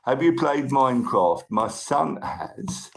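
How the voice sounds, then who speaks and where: Expressive yet slow, this man's creaky, medium-pitched voice carries his casual livestream chat as he reads viewer comments and thanks people by name. He has a tickly cough, and the audio is poor.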